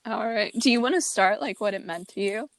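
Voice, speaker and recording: A woman's voice: mid-range voice, fairly quick, dry recording. A young woman co-hosting a podcast, easygoing and self-deprecating, telling stories in casual chat. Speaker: podcast co-host.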